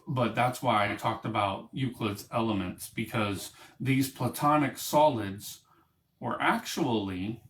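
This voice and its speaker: A man's voice: medium pitch, echoey room. A man hosting his own small broadcast, rambling casually with many fillers and restarts, in a room lined with books. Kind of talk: casual rambling talk to camera.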